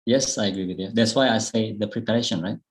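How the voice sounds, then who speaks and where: Slow-spoken Indonesian man, fairly low voice. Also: poor audio. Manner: slow, thoughtful, with many fillers and restarts. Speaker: guest speaker. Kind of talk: online public speaking talk. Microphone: video call.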